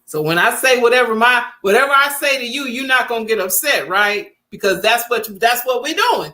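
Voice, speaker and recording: A woman's voice: fairly high pitch, expressive, normal speed, few pauses, pushed and bright. A woman, chatting to camera in a vlog, emphatic and repeating her points. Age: 50s. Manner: chatty, emphatic, repeats points, acts out quoted family voices. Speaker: vlogger. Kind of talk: casual storytelling to camera.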